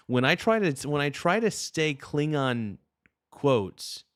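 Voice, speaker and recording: A man's voice: a little high, big pitch swings, takes it slowly, clean tone, no room sound, studio quality. Rambling joking male streamer. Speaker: livestream host. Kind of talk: casual livestream chat.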